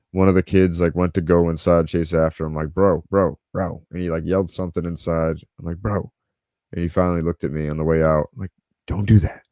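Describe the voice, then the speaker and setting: A podcast host casually recounts a story in a low, mellow voice, swearing freely and performing other people's lines. The recording is dry and studio quality.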